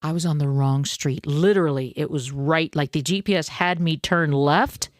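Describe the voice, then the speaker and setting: A woman hosting a podcast, telling a personal story in a casual, animated, self-deprecating way and acting out her own panic. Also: low voice, normal speed, dry recording, studio quality. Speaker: podcast host.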